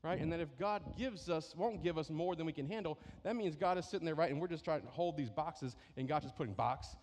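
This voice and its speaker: A man's voice: on the high side, fast, darkish tone, a little hiss or hum. A man preaching a sermon as pastor, in a conversational way that keeps checking in with "right?". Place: church sanctuary. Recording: echoey hall reverb.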